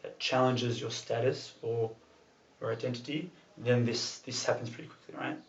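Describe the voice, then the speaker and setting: A man's voice: medium pitch, fairly even intonation, normal speed. A man talks casually to a small group, in a loose, chatty way full of fillers. He sits far from the mic in an echoey room, and the recording sounds dull. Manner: loose and chatty, with many fillers and the odd swear. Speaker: club talk presenter.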